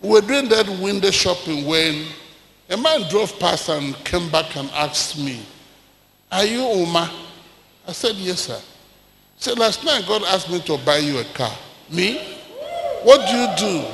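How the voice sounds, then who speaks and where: Nigerian preacher, bright gravelly voice. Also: male voice, high-pitched, measured pace, slight background noise. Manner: animated storyteller, acts out dialogue, swings to shouting. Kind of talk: sermon with storytelling. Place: large church hall. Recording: echoey church hall with long reverb.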